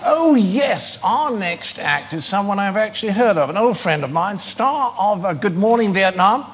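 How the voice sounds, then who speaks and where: A man's voice: sits high, sing-song, moderate pace. A man hosting a stage show, introducing the next act in a dry, self-deprecating manner. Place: large theatre stage. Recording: long hall reverb over loud crowd.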